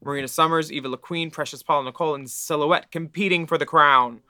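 A man co-hosting a podcast in casual chat, with quick, witty, campy quips. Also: fairly high pitch, steady tone, pushed and bright, smooth, dry recording, studio quality. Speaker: podcast co-host.

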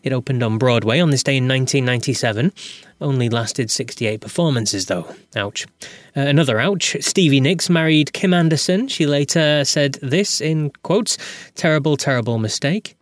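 A man's voice: medium pitch, moderate pace, no echo. A man hosting a daily classic rock podcast, reading a script with chatty, candid asides. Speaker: podcast host.

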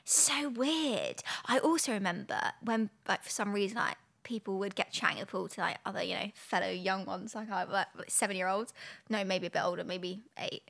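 A woman's voice: mid-range voice, fairly quick, vocal fry, fairly bright tone. A young woman co-hosting a podcast, telling holiday stories in a chatty, giggly way full of "like". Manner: chatty, giggly storytelling with lots of "like". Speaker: podcast co-host. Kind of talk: casual chat.

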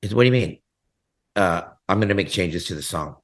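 A man with a fairly low voice talks about his band's record in a relaxed interview. His pitch swings widely as he tells stories, and he acts out the voices of the people he quotes. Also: a little fast. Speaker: punk band frontman, guest. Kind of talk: casual interview storytelling.

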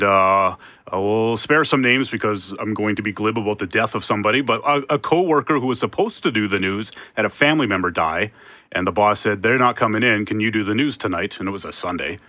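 A man's voice: on the low side, brisk, sharp tone, no echo. A man who works as a radio news anchor, chatting casually on air in a laid-back, self-deprecating way. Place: radio studio.

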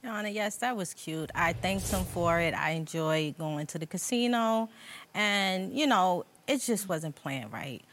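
A woman's voice: fairly low pitch, expressive, a little slow, fairly bright tone, slight background noise. A woman testifying as a wife in a TV court case, exasperated and matter-of-fact.

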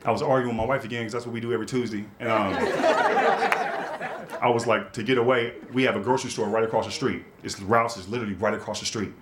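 Fast-talking man doing stand-up. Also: lowish voice, over loud music. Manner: loose, conversational storytelling with big animated swings. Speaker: stand-up comedian. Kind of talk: stand-up comedy set. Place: comedy club stage with live audience. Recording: live set with loud crowd laughter.

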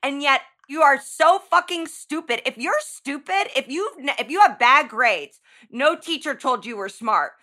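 A woman's voice: high voice, animated, a little slow, pushed and bright. A woman on a podcast, chatting casually in a profane, laughing rant. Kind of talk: casual chat.

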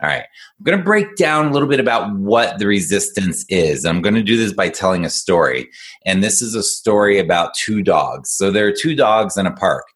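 A man's voice: on the low side, expressive, moderate pace, a bit bright. A man working as an executive functioning coach, explaining ideas to a young listener in an upbeat, casual conversation. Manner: upbeat, explanatory, talks to kids.

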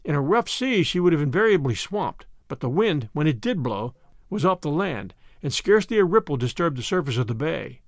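Expressive male audiobook narrator, dry sound. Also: a little high, a little fast, dry recording. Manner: expressive, dramatic reading. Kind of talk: first-person scripted narration.

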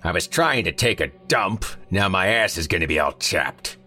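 Brief: man doing grouchy old landlord, scratchy, crude, pitched up. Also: expressive, moderate pace, pushed and bright, faint music behind, exaggerated voice. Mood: grumpy. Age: older. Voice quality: scratchy, sandpaper-like. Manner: grumpy, crude complaining. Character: crabby old male landlord.

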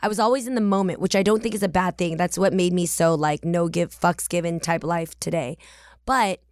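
A woman's voice: fairly low pitch, steady tone, brisk, a little mellow, no room sound. A woman in her forties from the Bay Area, hosting a podcast in a chatty, playful, candid and reflective monologue at a studio mic. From San Francisco Bay Area. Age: 40s. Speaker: podcast host.

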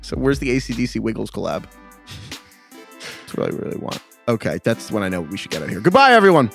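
A man's voice: lively intonation, fast, creaky, soft background music. A man hosting a casual podcast chat, joking and laughing often. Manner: jokey, laughing, swings pitch widely. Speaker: podcast host.

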